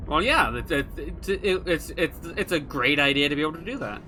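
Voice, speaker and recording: A man playing through a game with excitable, swearing commentary. His voice is sharply bright and lively in pitch, and he speaks into a desk microphone. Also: normal speed, slight background noise. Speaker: gaming host. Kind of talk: casual gameplay commentary.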